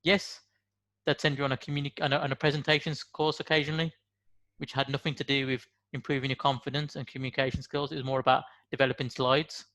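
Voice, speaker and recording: A man's voice: medium pitch, little pitch movement, quick pace, fairly bright tone. A man in his forties from the West Midlands with a Brummie accent, giving an earnest motivational monologue full of rhetorical questions. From West Midlands, England. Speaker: motivational speaker.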